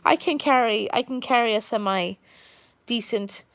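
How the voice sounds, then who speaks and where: A woman's voice: fairly high pitch, a little slow, a bit bright, no echo. A woman with a Long Island New York accent hosting a casual live stream, rambling and chatty as she greets viewers by name.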